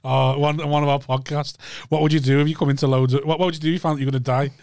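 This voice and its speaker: A man's voice: a little high, flat delivery, racing, a little mellow, no echo, studio quality. A man co-hosting a podcast, chatty and retelling stories in casual banter. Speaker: podcast co-host. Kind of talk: casual chat.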